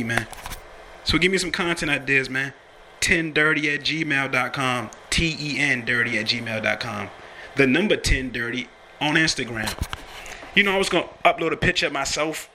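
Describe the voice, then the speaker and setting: A young man rambles through a loose, swear-heavy monologue as a talk host, laughing often as he goes. His voice is bright and forceful. A faint hiss of noise sits behind him. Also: mid-range voice. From Virginia, USA. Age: young adult. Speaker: podcast host and rapper. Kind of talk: casual profane monologue.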